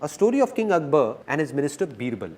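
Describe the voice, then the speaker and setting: Man, motivational speaker, animated, lively up and down pitch, slightly high voice. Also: fast. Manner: animated, playful, repetitive. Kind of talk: motivational talk to a live audience.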